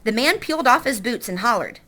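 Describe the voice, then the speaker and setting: A woman teacher reads a novel aloud to her class in an expressive way, stopping to ask the students questions. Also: on the high side, a little fast. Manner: expressive, stops to quiz the class.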